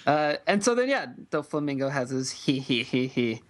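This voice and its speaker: A man's voice: medium pitch, moderate pace. A man recapping comics in easy, loose casual chat, full of fillers. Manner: relaxed, loose, many fillers. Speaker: podcast co-host.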